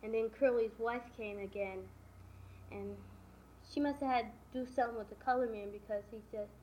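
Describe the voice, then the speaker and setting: A woman's voice: a little high, fairly even intonation, moderate pace, a little mellow. A woman casually retelling the plot of a novel, stringing events together with "and then" and "you know". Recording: dull lo-fi recording with faint hiss.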